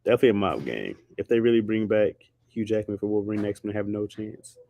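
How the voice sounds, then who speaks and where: A man's voice: lowish voice, fast, dark tone, dry recording. A man chatting casually on a livestream, slangy and rambling, laughing often. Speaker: streamer.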